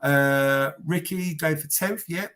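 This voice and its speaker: With a fairly high, bright-toned voice, this podcast host talks slowly in a relaxed live-stream chat. He wanders off topic and swears while going through viewer comments.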